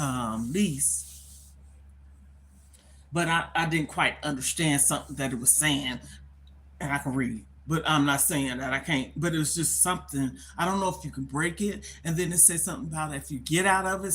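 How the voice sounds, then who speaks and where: Streaming live from her phone, a middle-aged woman talks candidly in a low-pitched, fairly bright voice. She sounds worried and close to crying, rambling and going over the same points, and a bit of hiss or hum can be heard.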